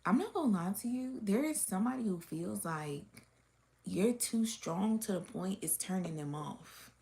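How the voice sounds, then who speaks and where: A woman's voice: medium pitch, animated, moderate pace, creaky, warm tone. A woman giving a casual, unscripted spiritual reading straight to her viewers. She is blunt and swears a lot, laughing often between rambling, filler-heavy sentences.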